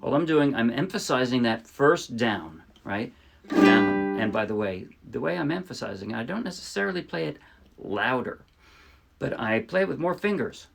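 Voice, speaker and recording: Teaching ukulele again, the man speaks at a moderate pace in an expressive, gravelly mid-range voice, faint music from his own playing underneath. He stays chatty and friendly, frequently correcting himself partway through sentences.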